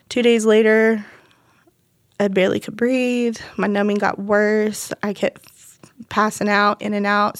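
Speaking in a mid-range voice, the young woman from Texas is a guest giving her testimony, wandering through the tale while performing the dialogue. The recording is studio quality with no echo.

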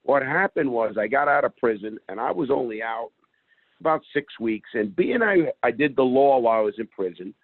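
A man's voice: medium pitch, expressive, moderate pace, dry recording. A middle-aged man guest telling a story in an interview in a blunt, streetwise way. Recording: phone-like call audio.

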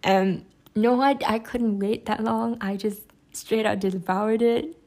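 A woman chatting casually and excitedly about something she loves. She rambles, restarts sentences and fills pauses with "like" and "um". Her delivery is gushing and warm with frequent laughter. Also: fairly high pitch. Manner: enthusiastic, laughs often. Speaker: podcast reviewer. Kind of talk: casual chat.

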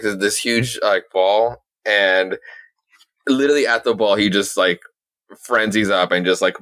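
A man's voice: fairly low pitch, sharp tone, no room sound. A young man co-hosting a podcast, rambling through a casual comic book chat with lots of fillers, restarts and swearing. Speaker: podcast co-host.

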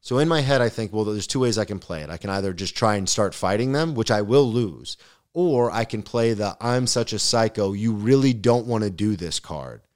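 A man's voice: lowish voice, moderate pace. A young man, a podcast guest, telling a comedic story with lots of swearing and acted-out quotes. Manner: animated, swearing, acts out the quotes.

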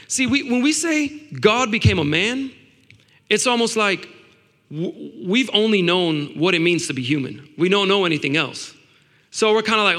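High-voiced excitable man preaching. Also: in a large hall. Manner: excitable, repeats words, swings between loud and hushed. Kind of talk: sermon.

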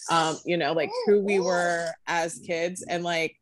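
A woman's voice: fairly low pitch, fairly even intonation, a little slow, slight background noise. A young woman co-hosting a podcast, chatting casually and loosely with lots of "like" and "you know". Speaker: podcast co-host. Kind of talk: casual chat.

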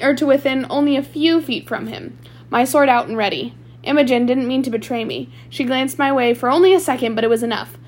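Woman reading a novel aloud, higher voice. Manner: plain reading with small slips and restarts. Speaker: audiobook reader.

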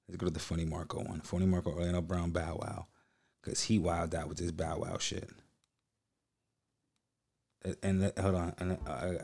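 A man hosting a podcast, reacting to clips in casual, slangy, profane talk. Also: sits low. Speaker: podcast host.

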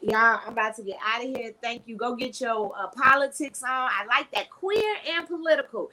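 A woman hosting a casual live podcast, talking frankly and preachily, her voice swinging between loud and soft. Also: a little high, lively intonation, brisk, few pauses, a little hiss or hum, poor audio. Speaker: podcast host.

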